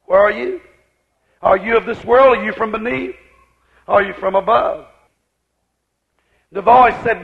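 A man preaching a fiery revival sermon, shouting in a chanting cadence, on a muffled lo-fi recording. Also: sits high, a little slow, creaky, pauses often.

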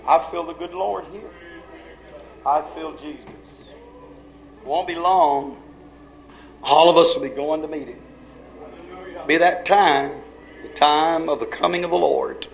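A man's voice: on the high side, gravelly. A man preaching and praying at a live church service, urging the congregation in fervent call-and-response. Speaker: preacher leading worship. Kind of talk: revival sermon and prayer. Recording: echoey hall, loud music behind.

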